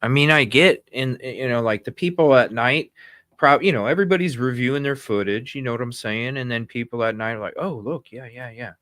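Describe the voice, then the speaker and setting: A man's voice: mid-range voice, a little fast, fairly bright tone, no echo, studio quality. A man hosting a live news stream, talking in agitated, indignant bursts that ramble with restarts.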